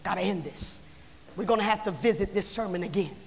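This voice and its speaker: A preacher delivering a sermon, swinging between shouted lines and hushed passages with rhythmic repeated phrases. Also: mid-range voice, a little fast, gravelly. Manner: repetitive, rhythmic build-up of phrases. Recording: long hall reverb.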